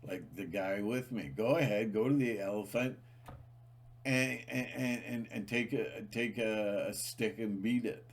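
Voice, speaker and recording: A man with a fairly low voice talks to his channel's viewers in a loose, rambling monologue. He leans hard on repeated words, trails off, and restarts his sentences often. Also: measured pace. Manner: emphatic, repetitive, many restarts and fillers. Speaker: channel host.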